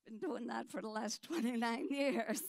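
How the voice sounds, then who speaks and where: A middle-aged woman telling her story at a dinner, animated and emphatic, acting out the quotes. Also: fairly high pitch, moderate pace, gravelly, no room sound.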